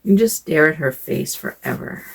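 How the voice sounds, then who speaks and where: Older woman vlogger, casual home chat, hesitant and rambling, low gravelly voice. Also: expressive, normal speed. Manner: rambling, hesitant, with sighs and fillers.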